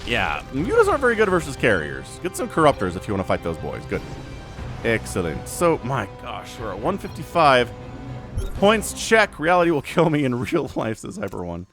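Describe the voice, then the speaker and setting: A man casting a strategy game match, animated and excitable, quickly voicing the players in asides. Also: medium pitch, over music. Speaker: game caster.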